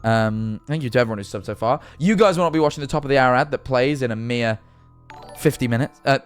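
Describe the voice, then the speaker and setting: A man's voice: mid-range voice, clean tone, soft background music. Rambling, sweary male streamer. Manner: rambling, sweary, jumpy and quick to laugh. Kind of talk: casual livestream chat.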